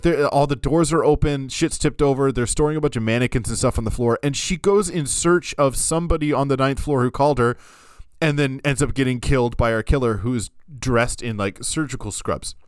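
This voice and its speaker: A man co-hosting a podcast, recapping a film in an animated, storytelling way. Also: medium pitch, clean tone, no room sound. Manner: animated storytelling, acting out scenes. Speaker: podcast co-host. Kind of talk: casual film recap chat.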